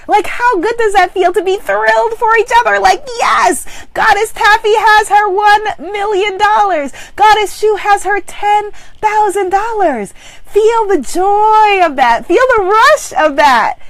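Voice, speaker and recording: A woman's voice: very high voice, dry recording. A woman leading a live online abundance coaching session, exuberantly affirming and reading out viewers' comments. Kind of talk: live-streamed motivational coaching.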